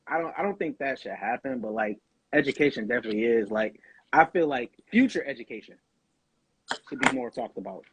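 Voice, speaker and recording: A man's voice: medium pitch, lively intonation, moderate pace, a bit bright, slightly rough, no room sound, rough recording. A man in his thirties talking casually on a podcast, restarting his phrases as he speaks. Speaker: co-host. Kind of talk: casual chat.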